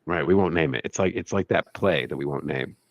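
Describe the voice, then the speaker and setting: A hoarse man co-hosting a podcast, joking crudely in a casual chat. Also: very deep voice, brisk, no echo. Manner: crude, joking, does voice impressions. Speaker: podcast co-host.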